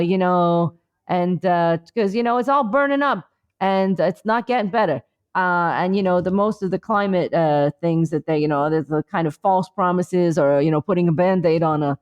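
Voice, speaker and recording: A woman's voice: fairly low pitch, darkish tone, clear, resonant tone, lo-fi sound. A woman co-hosting a comedy podcast remotely, rambling through a mock-earnest mindfulness bit with many fillers. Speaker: podcast co-host. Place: remote, on vacation.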